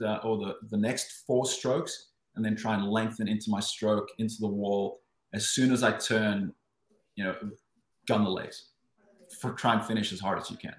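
A man from South Africa, a former Olympic swimmer, telling a story as an interview guest in an animated way, often restarting his sentences. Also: lowish voice, roomy sound. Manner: animated, with frequent restarts and acted-out inner voices.

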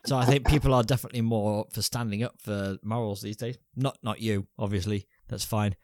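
A man's voice: on the low side, fairly even intonation, a little fast, darkish tone, no room sound, clean studio sound. A man co-hosting a casual film review podcast, bantering crudely with rambling asides. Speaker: podcast co-host.

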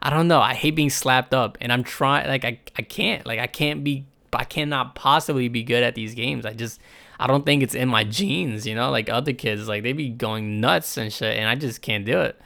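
Hoarse young guy with a raspy, gravelly voice, just rambling off the dome on his podcast, cussing a lot, tons of likes. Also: mid-range voice, normal speed, pushed and bright. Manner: rambling, swears a lot, many fillers. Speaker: podcast host. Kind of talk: casual unscripted podcast monologue.

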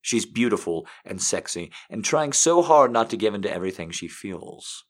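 A man reading a first-person story aloud in a hushed, intimate way that often sinks close to a whisper. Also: fairly low pitch, big pitch swings, normal speed. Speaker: audiobook narrator. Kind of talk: scripted first-person narration.

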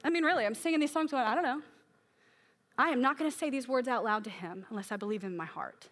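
A woman's voice: on the high side, very fast, fairly bright tone. A woman preaching a sermon in a candid, emotional way, acting out her own prayers aloud and sounding tired from crying.

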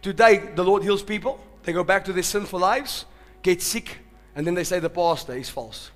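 A male pastor preaching a sermon, swinging from hushed, slow lines to loud shouted peaks, and calling out to the congregation. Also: high voice, faint music behind. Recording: long hall reverb.

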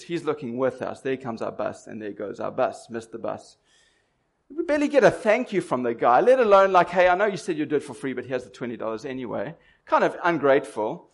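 A man from Durban, South Africa, with a medium-pitched, creaky voice preaches a sermon. He keeps it conversational, telling stories and asking rhetorical questions.

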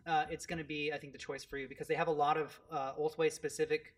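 A man with a fairly high voice talks fast and casually, explaining tabletop wargame rules. He fills his sentences with ums and uhs as he goes. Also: little pitch movement. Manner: quick, filler-heavy explaining with many ums. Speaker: podcast co-host.

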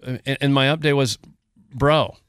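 A man co-hosting a casual podcast, winding through a long personal story with emotion and easy laughter. His mid-pitched voice is smooth and resonant, recorded close and dry. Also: moderate pace, no echo. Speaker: podcast co-host. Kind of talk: casual chat.

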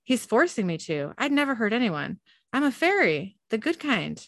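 Gentle fairy, soft and troubled; a woman reads her in a storybook reading. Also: a little high, very animated, moderate pace, no echo, studio quality, voice pushed up.

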